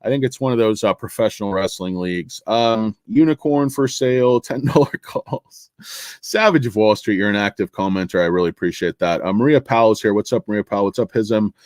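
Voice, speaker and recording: A man's voice: fairly low pitch, fairly quick, darkish tone, no room sound, studio quality. A man hosting a casual stock market livestream, rambling and joking with crude, profane asides.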